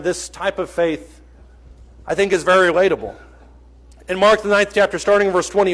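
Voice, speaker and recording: A man preaching a sermon in church, earnest and emphatic, reading scripture and stopping to correct himself with small jokes. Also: high voice.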